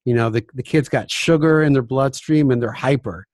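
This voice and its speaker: Speaking at normal speed with a medium pitch, a male music teacher offers a casual, chatty talk about classroom behavior in clean studio sound without room noise. He pokes fun at himself and acts out classroom scenes, frequently dropping his voice to a hush.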